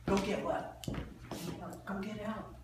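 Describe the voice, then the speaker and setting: A man giving a lively, joking seminar talk to an audience, quizzing them with fill-in-the-blank questions. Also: high-pitched, slow. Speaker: sales trainer. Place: large indoor room with an audience. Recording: echoey hall from far off, faint noise.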